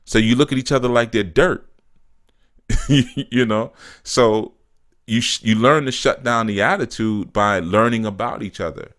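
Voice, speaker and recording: A man giving a casual spiritual talk as a teacher, animated and repetitive, often acting out what people say. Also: medium pitch, a little slow.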